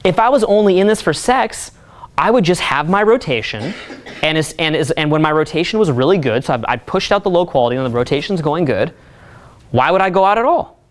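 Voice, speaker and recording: A man's voice: fairly high pitch, lively intonation, fairly quick. A man giving a seminar talk as a dating coach, blunt and profane.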